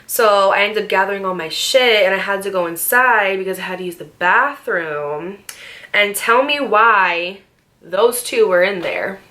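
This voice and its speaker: A woman's voice: mid-range voice, unhurried, bright, forceful tone. A young woman vlogger telling a storytime tale in a chatty, dramatic way, with slang and swearing. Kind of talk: casual storytime monologue.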